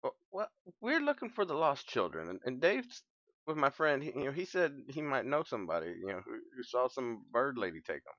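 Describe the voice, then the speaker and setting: Lively, pushy man playing his character. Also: a little fast, dry recording, muffled recording. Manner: pushy, jokey, swoops up high when pleading. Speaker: player. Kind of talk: in-character tabletop role-play.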